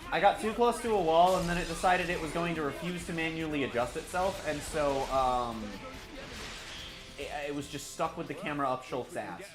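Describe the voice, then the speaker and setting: A man's voice: on the high side, normal speed, roomy sound. A man giving rambling, joking commentary while live streaming a game, with mild swearing. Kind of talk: casual live gameplay commentary. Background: game music.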